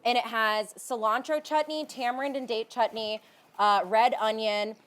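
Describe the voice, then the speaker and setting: A woman hosting a live comedy show on stage, excited and gushing, swearing freely and laughing often. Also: a little high, normal speed. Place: theater stage before a live audience. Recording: live theater with crowd and noise. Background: audience reactions.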